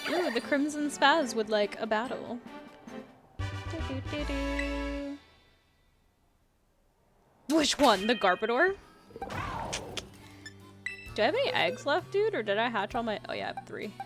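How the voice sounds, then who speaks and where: A woman's voice: fairly high pitch, big pitch swings, normal speed, long pauses, music in the background. A young woman in her twenties, chatting casually and sarcastically with her live-stream viewers while she plays, often giggling. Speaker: game streamer reading chat. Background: house beats playing under the voice.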